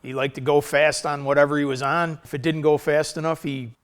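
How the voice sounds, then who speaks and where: A man's voice: fairly high pitch, flat delivery, brisk, clean tone. A man recalls shared racing years in a plain, matter-of-fact documentary interview.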